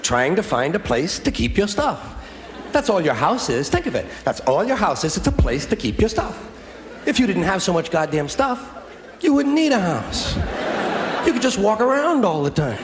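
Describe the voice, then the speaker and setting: A man's voice: high-pitched, sing-song, normal speed, a crowd in the background. A man doing observational stand-up comedy, riffing in repetitive, building phrases. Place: stage in a hall. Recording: echoey hall with clear ambient noise.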